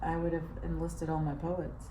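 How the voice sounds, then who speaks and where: A woman with a very low voice explains things in an animated, teacherly way during a casual chat. She sits far from the mic in an echoey room, and clear background noise runs under her voice. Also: normal speed. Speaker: actor and director.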